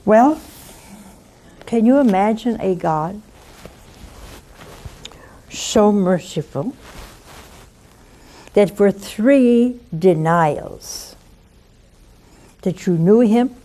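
A woman's voice: mid-range voice, expressive, very slow, pauses often, mellow. A woman hosting a religious call-in show, preaching devotionally and coaxing listeners with intimate questions.

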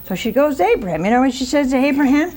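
A woman's voice: high-pitched, big pitch swings, very fast, a little mellow. A woman preaching a storytelling sermon, retelling scripture with chatty asides and rhetorical questions to the congregation.

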